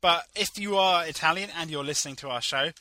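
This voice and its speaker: A man's voice: fairly high pitch, fast, bright, forceful tone, dry recording. A young man co-hosting a podcast in casual, rambling chat, laughing often. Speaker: podcast co-host.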